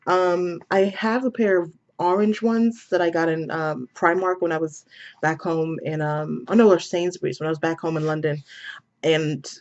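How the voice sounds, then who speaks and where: A woman chatting upbeat in a casual shopping haul vlog, filling pauses with lots of "um"s. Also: deep voice, fairly even intonation, a little mellow. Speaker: fashion vlogger. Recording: slightly dull lo-fi sound.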